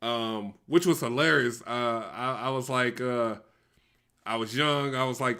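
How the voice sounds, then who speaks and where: Comic host, male, easygoing storyteller with a bright, clear voice. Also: mid-range voice, unhurried. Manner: animated, laughs through his stories. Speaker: comedian co-host. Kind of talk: casual chat, storytelling.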